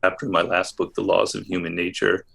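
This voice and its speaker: A man's voice: sits low, flat delivery, fairly quick, creaky, fairly bright tone, breathy edge. A man discussing his writing as a guest on a recorded conversation that is being played back. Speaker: author as a podcast guest. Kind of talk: explaining ideas in conversation.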